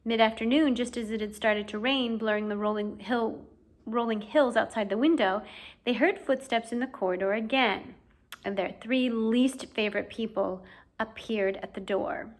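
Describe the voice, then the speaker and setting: Role: audiobook narrator. Sex: woman. Pitch: fairly high. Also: moderate pace. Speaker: audiobook reader.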